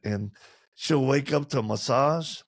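A man, an interview guest, telling candid and humorous stories in conversation and acting out quotes in lively voices. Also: mid-range voice, measured pace, breathy edge, no echo, clean studio sound. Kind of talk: animated storytelling in conversation.

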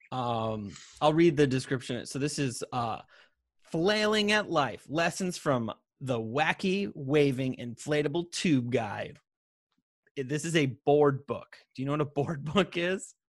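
Slightly high and expressive, this man's voice moves at an unhurried pace as he co-hosts a podcast, chatting easily, laughing a lot and poking fun at himself.

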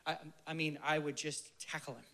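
A man with a rather high, steady voice preaches a passionate sermon, moving between emphatic bursts and hushed near-whispers. At times he guides his listeners through slow, soft prayer.

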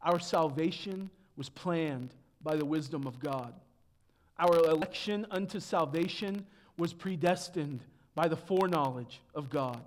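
A man preaching a sermon as pastor, dropping to hushed tones and then building to loud, emphatic peaks. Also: measured pace. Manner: swings from hushed to booming emphasis.

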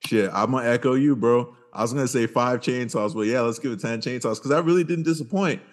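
A man's voice: mid-range voice, fairly quick. A man hosting a casual podcast chat, talking in a loose, laid-back way with plenty of swearing and frequent laughs. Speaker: podcast host.

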